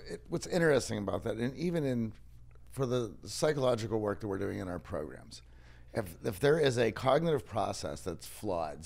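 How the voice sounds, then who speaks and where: A man's voice: on the low side, gravelly, darkish tone. A man hosting a podcast who chimes in with his own reflections on what his guest says. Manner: engaged, chimes in with reflections and laughs. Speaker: podcast host. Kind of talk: conversational interview.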